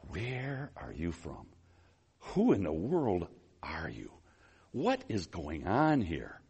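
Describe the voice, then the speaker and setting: A man preacher voicing a troubled Roman governor in a soft, hushed, slow voice, pleading with a crowd and a prisoner. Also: sits low, huge pitch swings, husky, long reverb tail, pitched below the performer's own voice, heavily acted.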